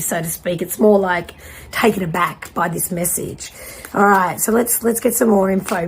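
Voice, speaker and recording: Gravelly-voiced blunt woman tarot reader. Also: mid-range voice. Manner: blunt, swears freely; casual, conversational with guided pauses. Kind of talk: pick-a-card tarot reading.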